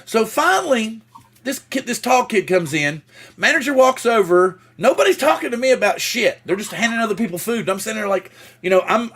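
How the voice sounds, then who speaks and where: A man hosting a casual livestream show. He tells stories with acted-out voices and greets viewers in the chat by name. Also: high voice. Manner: animated storyteller who acts out the voices in his story.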